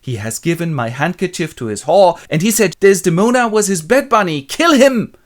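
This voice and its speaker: A man voicing Othello, a jealous general who swings from soft brooding to loud outbursts. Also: lowish voice, fairly quick, close to an everyday voice. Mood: raging.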